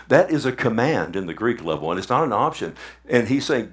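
A man's voice: mid-range voice, expressive, normal speed. A man preaching a sermon in a conversational way, asking the congregation questions and repeating words for emphasis. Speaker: pastor.

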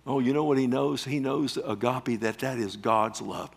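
Casting note: male pastor preaching, emphatic, call-and-response, loud bursts and hushed asides. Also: mid-range voice, steady tone, normal speed, gravelly, few pauses. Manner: emphatic, calls for responses, sudden loud swells and quiet drops. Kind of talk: sermon.

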